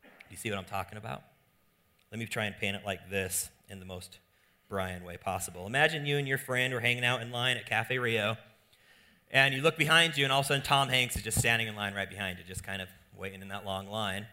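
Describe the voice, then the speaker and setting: A young adult man, a pastor preaching a sermon with animated, playful storytelling. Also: lowish voice, brisk.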